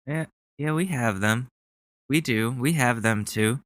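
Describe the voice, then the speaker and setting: A man's voice: mid-range voice, unhurried, fairly bright tone, no room sound. Irreverent man hosting a casual podcast. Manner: loose, irreverent, joking, profane. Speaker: podcast host. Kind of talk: casual chat.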